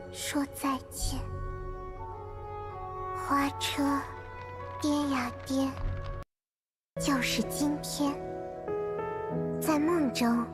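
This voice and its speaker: A high, slow storybook voice with a soft, choked-up tremble. She narrates gently over clear music, played back from a teaser. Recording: played back under a man's commentary with music.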